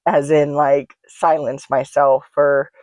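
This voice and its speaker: A woman hosting her own podcast, speaking in a candid, reflective monologue on her own microphone, halting often to restart with soft laughs. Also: low voice, flat delivery, no echo. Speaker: podcast host. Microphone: own microphone, self-recorded.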